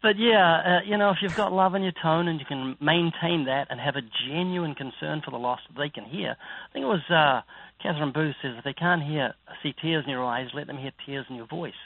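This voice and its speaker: A little high and fairly quick, the New Zealand evangelist's voice shows some vocal fry, with slight background noise on the dry, phone-like line. Interviewed about faith, he speaks earnestly in a preacherly way, telling vivid stories.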